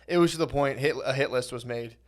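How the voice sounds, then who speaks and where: A man co-hosting a podcast, telling stories in an animated, profane way and laughing often in casual chat. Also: medium pitch, quick pace. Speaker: podcast co-host.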